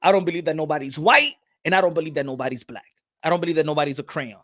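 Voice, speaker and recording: A man hosts a podcast in a casual, animated way, repeating words and acting out little exchanges. He slips into Spanish phrases now and then, and his voice sits a little on the high side. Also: very fast. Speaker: podcast host. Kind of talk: casual talk.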